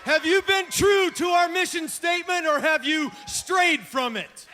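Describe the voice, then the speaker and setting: A man giving a shouted, commanding speech in a wrestling ring, scolding his group. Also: extremely high pitch, measured pace, faint music behind. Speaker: wrestler cutting a promo. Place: arena ring.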